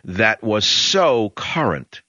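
A man's voice: lowish voice, big pitch swings, slow, sharp tone, dry recording. An older man with a New York accent, hosting a talk radio show in a rambling, emphatic monologue full of hesitations. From Queens, New York. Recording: dull lo-fi broadcast audio.

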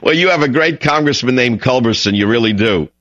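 Blunt New York radio host. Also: male voice, medium pitch, lively intonation, fairly quick, fairly bright tone, no room sound, highs cut off. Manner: direct, opinionated, repeats words when starting. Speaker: radio talk show host. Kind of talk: talk radio call-in.

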